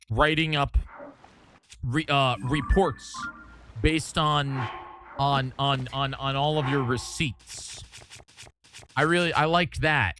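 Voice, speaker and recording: A man's voice: fairly high pitch, fairly bright tone, slight background noise. A man streaming live, chatting casually and rambling through his thoughts with frequent restarts. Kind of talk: casual chat.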